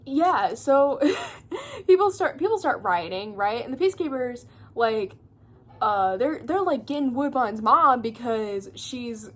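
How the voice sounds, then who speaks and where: A woman's voice: a little high, sing-song, unhurried, fairly bright tone. A young woman at home giving a rambling, profane, casual book recap full of fillers and laughter. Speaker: booktuber.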